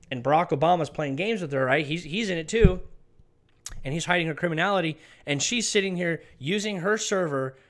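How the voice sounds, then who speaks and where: A slightly high, slightly fast male voice belongs to an online commentator giving an emphatic political monologue. "Okay" keeps popping up as a tag at the end of his lines.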